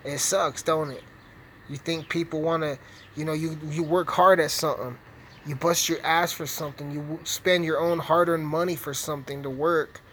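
A man's voice: fairly high pitch, a bit bright, slight background noise, poor audio. A young man giving rambling, profane, trash-talking commentary while playing a video game. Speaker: gaming streamer. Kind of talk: casual gameplay commentary.

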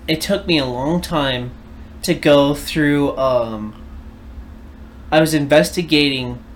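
A man's voice: on the high side, slow, a little hiss or hum. A man in casual podcast chat, earnestly recounting a personal search and questioning things.

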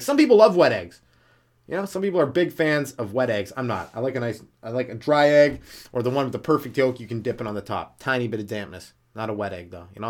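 Man, stand-up comic, rambling podcast monologue, animated intonation, self-mocking, smoker's cough. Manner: loose and self-mocking, acts out silly characters in jumps of pitch. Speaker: stand-up comedian podcast host.

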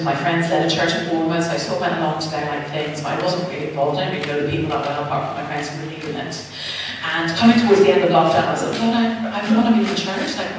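A woman's voice: fairly low pitch, slight background noise. Female preacher, conversational testimony, distant mic in a reverberant church hall. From Northern Ireland. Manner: chatty storytelling, acts out quoted voices. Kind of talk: personal testimony in a sermon. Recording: echoey hall, mic far off.

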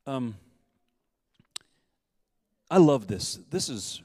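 A man's voice: mid-range voice, very animated, drawn-out words, darkish tone, dry recording. A man giving a conversational sermon as a guest speaker at a church service. He tells stories and asks his listeners questions.

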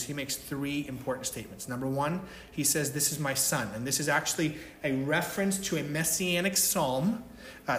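A man delivers a sermon with emphatic repetition, often asking "right?" to keep listeners with him. His voice sits a little high, and the room around him is echoey with a faint hum of ambience. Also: a bit bright. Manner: emphatic, repeats points and asks "right?". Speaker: pastor.

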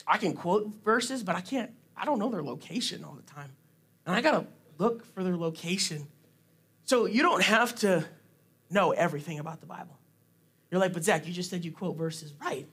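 A man's voice: sits high, fairly bright tone, slightly rough. A man preaching an informal sermon in a church, casual and self-deprecating, often laughing at himself. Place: church sanctuary.

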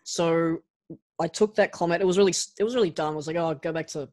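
A man being interviewed as a guest, telling stories in a lively way and often restarting his sentences. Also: fairly high pitch, fast talker, no room sound. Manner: animated anecdote-telling with frequent restarts. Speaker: guest, actor and pro wrestler. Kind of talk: casual interview storytelling.

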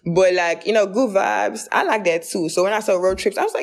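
A young adult woman hosting a casual podcast, telling stories with excitement and acting out quoted lines. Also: medium pitch, fairly quick, creaky. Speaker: podcast host.

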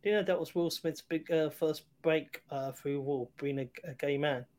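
Man, casual film chat, slightly higher voice, hesitant, lots of fillers, remote call. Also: normal speed, a little mellow. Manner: rambling, hesitant, many fillers and restarts. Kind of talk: casual chat about films.

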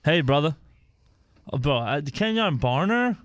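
A man hosting a casual sports radio show, jokey and rambling with quick restarts. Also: medium pitch, smooth, no echo.

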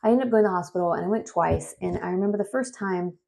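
She's in her thirties, talks fast with a lowish, fry-tinged voice, and is relating a personal story. Expect a rambling, animated account thick with fillers and digressions.

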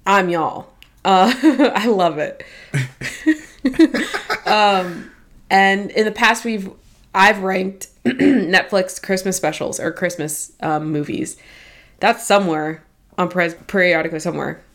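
A woman's voice: medium pitch, slow pace, long pauses. A woman with a Midwestern American accent co-hosts a loose, casual podcast chat. She talks in a chatty, joking way, swears freely and laughs often at her own tangents. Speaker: podcast co-host.

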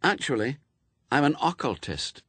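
A man's voice: mid-range voice, big pitch swings, unhurried, fairly bright tone, husky, dry recording, pitched above the performer's own voice, exaggerated voice. A man voicing a dry, knowing young woman occultist in an audiobook reading. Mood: wry.

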